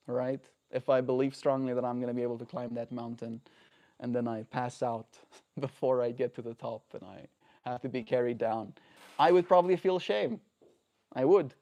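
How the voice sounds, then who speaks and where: A man's voice: medium pitch, warm tone. A man talking earnestly and reflectively on a daily livestream, often checking in with the listener. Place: home.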